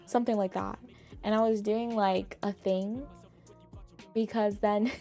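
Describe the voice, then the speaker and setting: A young adult woman chatting casually with her live chat as a streamer, in a bubbly, animated manner full of fillers. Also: mid-range voice, brisk, soft background music. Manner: bubbly, animated, lots of "like", acts out quoted voices.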